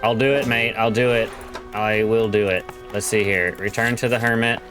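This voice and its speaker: A man's voice: on the low side, steady tone, moderate pace, low-quality recording. Laid-back male let's-play host, slangy, joking, faint game music behind. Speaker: gaming channel host. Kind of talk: casual let's play commentary.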